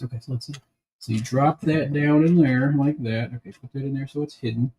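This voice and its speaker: Rambling man, mellow voice. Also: medium pitch, steady tone, brisk, poor audio. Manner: rambling, restarts sentences often. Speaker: building-set streamer. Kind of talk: casual livestream chat while building.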